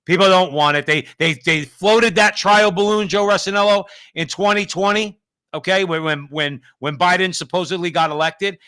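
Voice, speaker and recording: A man hosting a political talk show, fiery and combative, firing off rhetorical questions and rising to shouts. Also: sits high, fairly even intonation, moderate pace, clean tone.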